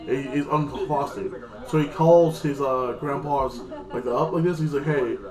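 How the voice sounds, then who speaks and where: A man reviews a TV episode in a casual, crude, rambling recap full of fillers. His mid-range voice is a little slow, and the echoey room carries music and a crowd in the background.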